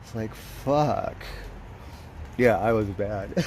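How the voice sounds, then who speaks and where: A man's voice: lowish voice, drawn-out words, slight background noise. A man livestreaming outdoors, telling a story in a casual, profane way, chuckling as he goes. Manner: profane, chuckling, animated retelling.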